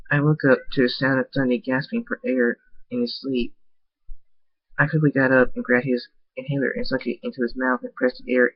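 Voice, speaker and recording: A man reading a story aloud in a plain, flat way. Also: medium pitch, dry recording. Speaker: fan fiction reader. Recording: dull lo-fi dry recording.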